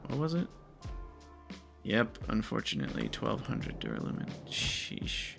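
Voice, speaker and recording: A man's voice: on the low side, wildly swooping pitch, a little slow, gravelly, music in the background. A man giving casual gameplay commentary, thinking aloud and muttering to himself as he plays. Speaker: gaming video creator.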